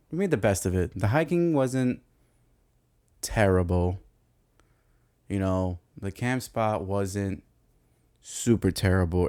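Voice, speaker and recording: A young man with a New York accent, telling a camping story as a podcast host in a loose, profane, animated way, laughing often. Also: on the low side, no room sound, clean studio sound. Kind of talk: casual storytelling monologue.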